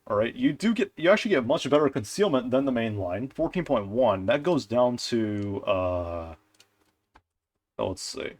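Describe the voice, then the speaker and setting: A young man talks through game details into a desk mic in a loose, animated way. His voice sits at an ordinary middle pitch. He rants, trails off and restarts as he thinks aloud. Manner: animated, ranting, frequent fillers and restarts. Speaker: gaming content creator. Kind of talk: casual commentary on game ship stats.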